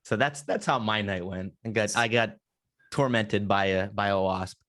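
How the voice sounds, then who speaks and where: A man's voice: fairly low pitch, moderate pace, a bit bright. A young man hosting a podcast, telling a story in casual chat and acting out his own panicked reactions. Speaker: podcast host.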